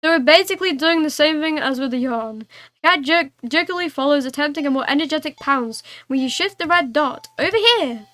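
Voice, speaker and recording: A woman's voice: high voice, a little fast, a bit bright, no echo. A young woman streaming a game, reading its text aloud and chatting, playful and giggly with cat-like meows.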